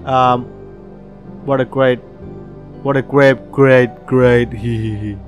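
Medium in pitch and steady in tone, the man speaks slowly with soft background music. As host of a gaming channel's casual let's-play, he reads game text aloud and chats away, laughing and swearing frequently.

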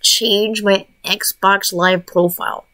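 A woman's voice: medium pitch, fairly even intonation, slow pace, fairly bright tone. A young woman streaming a casual chat, talking baby talk to her pets and cursing offhandedly.

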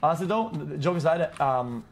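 A man's voice: a little high, animated, a little fast, slight background noise. A man streaming live, ranting at his chat in a blunt, mocking way, swearing freely and restarting his sentences often. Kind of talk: casual rant to chat.

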